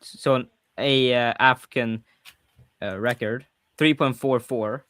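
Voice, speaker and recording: A man's voice: medium pitch, steady tone, slow, fairly bright tone, clear, resonant tone, dry recording. Swedish guy hosting a stream, rambly, fixes his words as he goes, super dry mic. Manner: chatty, often corrects himself mid-sentence. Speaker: podcast host. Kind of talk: casual livestream chat.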